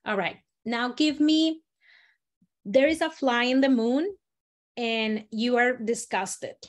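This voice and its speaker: A woman leads a storytelling workshop in a somewhat high voice. She coaches with encouragement and acts out short lines with lively shifts of tone as she teaches. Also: slow. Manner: expressive, encouraging, demonstrates lines with lively voice changes. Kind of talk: workshop instruction with acted demonstrations.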